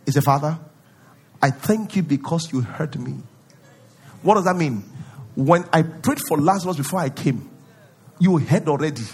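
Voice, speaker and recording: A male pastor preaching a sermon, acting out prayers in a pleading voice and rising to loud declarations. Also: fairly high pitch, moderate pace, long pauses, slightly rough.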